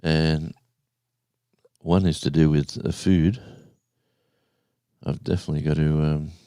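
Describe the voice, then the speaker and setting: A man in his sixties, hosting a casual live stream, rambling and halting as he reads out the viewers' chat. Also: extremely low pitch, level tone, mellow, smooth, no room sound, studio quality. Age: 60s. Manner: rambling, halting, with many restarts and fillers.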